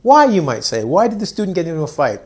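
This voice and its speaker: A man's voice: fairly high pitch, big pitch swings, quick pace, darkish tone. A man teaching an English lesson on video, joking, mocking himself and acting out his students. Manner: playful, self-mocking, acts out students.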